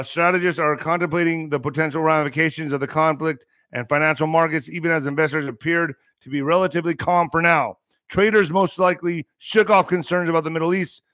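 A man's voice: a little high, fairly bright tone, no room sound, studio quality. A middle-aged man giving emphatic, sarcastic commentary as a podcast host, swearing as he reads out and mocks the news. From US border region. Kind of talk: ranting commentary reading news.

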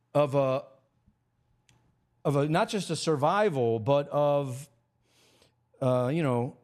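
A man from America hosting a casual livestream monologue, rambling with frequent restarts and sudden jumps in pitch. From United States. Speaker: host.

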